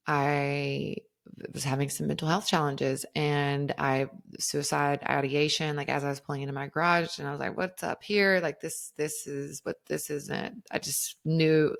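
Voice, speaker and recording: A woman's voice: sits low, vocal fry. A woman hosting a podcast, telling a personal story in a candid, casual way, swearing freely and laughing through it. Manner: candid, swearing, laughing, animated when reliving a scare. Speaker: podcast host.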